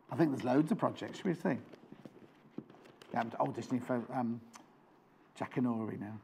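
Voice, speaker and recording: A man's voice: mid-range voice, moderate pace, creaky, pauses often, warm tone, husky. A man presenting on a live shopping channel, chatting with enthusiasm and jokes. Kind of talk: live TV sales chat. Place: TV studio.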